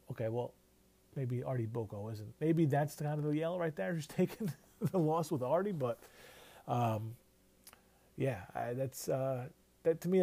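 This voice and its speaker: A man with a mellow, warm voice hosts a podcast in a loose commentary style. His pitch sits in an ordinary middle range. He talks freely, swears often and restarts his sentences. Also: gravelly. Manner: loose and profane, with many restarts. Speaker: podcast host. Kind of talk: casual commentary.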